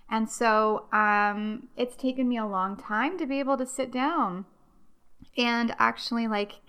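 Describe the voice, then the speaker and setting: Bright-voiced woman podcaster chatting. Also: on the high side, smooth. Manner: friendly, rambling, apologetic, many fillers. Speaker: podcast host. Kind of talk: casual chat to listeners.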